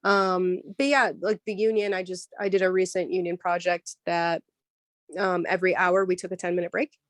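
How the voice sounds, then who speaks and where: A woman voice actor chats as a podcast guest, her voice a little low for a woman. She talks in a lively, explanatory way, full of "um" and "like". The sound is close and dry over a remote call mic. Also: moderate pace, no room sound. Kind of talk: casual interview chat.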